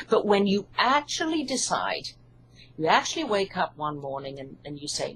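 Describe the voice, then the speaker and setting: English woman, hypnotherapist guest, lower register, earnest and reassuring, faint noise on the line. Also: sing-song, moderate pace, rough recording. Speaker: hypnotherapist and author. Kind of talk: interview answers.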